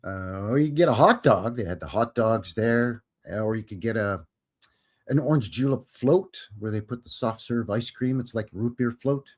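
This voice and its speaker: A man's voice: mid-range voice, moderate pace. A man hosting a casual live stream, rambling in a folksy way and chuckling as he answers viewers' questions.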